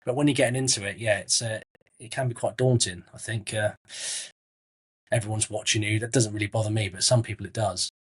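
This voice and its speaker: A middle-aged actor from Southwest England, guesting on an interview, speaks in a lowish, steady, slightly rough voice at a brisk clip. His casual chat is full of restarts and friendly asides, and he calls people mate.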